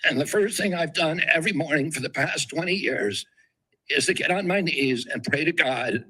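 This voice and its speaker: A man's voice: fairly high pitch, normal speed, sharp tone, slightly rough, poor audio. A man giving a formal, earnest prepared statement as a nominee at a hearing.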